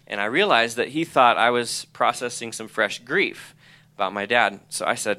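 A man's voice: medium pitch, moderate pace, bright, forceful tone. A middle-aged man giving an earnest personal testimony, reading aloud from his own journal. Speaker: college president or ministry leader.

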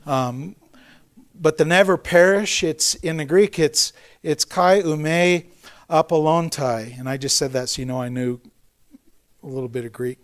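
A middle-aged man preaching a sermon in a conversational, joking way, with self-deprecating asides and animated storytelling. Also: mid-range voice, normal speed. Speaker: pastor.

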